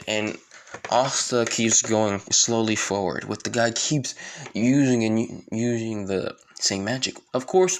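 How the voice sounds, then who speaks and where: Gravelly man casually retelling a story. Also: fairly low pitch. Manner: rambling, loose retelling. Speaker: fan fiction narrator.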